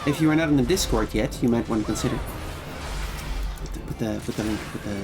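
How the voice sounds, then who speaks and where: Gravelly-voiced male game streamer. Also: mid-range voice, quick pace, over music. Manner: reads game dialogue aloud, chats with viewers, swears casually. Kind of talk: casual game livestream chat.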